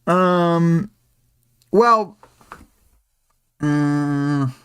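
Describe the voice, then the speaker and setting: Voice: mid-range voice, very slow, fairly bright tone, clean tone. A livestream host casually summarizing and discussing a chapter in a rambling, hesitant way.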